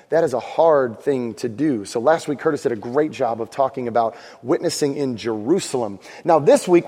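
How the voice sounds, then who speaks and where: A man with a slightly high voice preaches a sermon in a relaxed, conversational way, tossing in asides and jokes for the congregation. His voice carries a long reverb from a church hall. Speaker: pastor.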